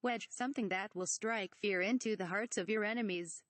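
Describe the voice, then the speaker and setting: A woman's voice: mid-range voice, moderate pace, no echo, close to an everyday voice. An exasperated male wingman, read by a woman, answers with dry sarcasm. Close, dry recording. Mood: sarcastic.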